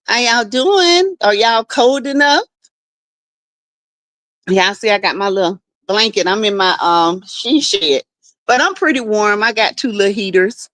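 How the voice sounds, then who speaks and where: A woman's voice: medium pitch, a little slow, fairly bright tone, no echo. A woman hosting a casual livestream from her backyard shed, greeting viewers by name and gossiping freely. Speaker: livestream host. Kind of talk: casual live chat with viewers.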